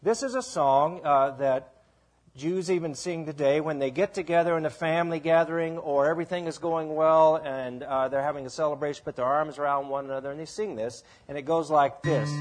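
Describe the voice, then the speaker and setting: A man teaching a Bible passage to a congregation in a slow, deliberate way, asking the listeners to repeat words after him. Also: on the high side, over music. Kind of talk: teaching sermon with sing-along.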